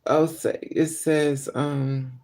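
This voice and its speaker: A woman's voice: sits low, flat delivery, drawn-out words, creaky, dark tone. A woman chatting casually on a live stream from her car, telling stories and quoting people in raised voices. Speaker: vlogger.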